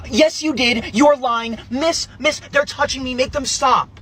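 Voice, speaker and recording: A woman's voice: medium pitch, lively intonation, moderate pace, fairly bright tone, a little hiss or hum, lightly acted. A woman playing a self-righteous, tattling know-it-all schoolgirl in a comedy skit. She talks in a whiny, overdramatic way. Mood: smug.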